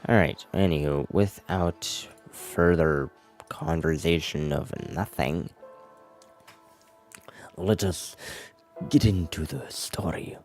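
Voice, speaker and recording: A man's voice: low-pitched, takes it slowly, pauses often, darkish tone, soft background music. A man streaming, rambling and mocking himself in casual chat before reading scripture aloud. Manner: rambling, self-mocking, trails off into murmurs.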